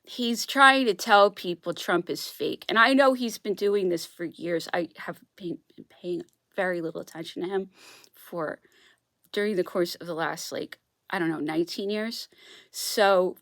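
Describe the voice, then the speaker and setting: A woman's voice: fairly low pitch, moderate pace, a bit bright, no echo, studio quality. A woman vlogger talking alone in a casual monologue, rambling and emphatic, often restarting and repeating herself.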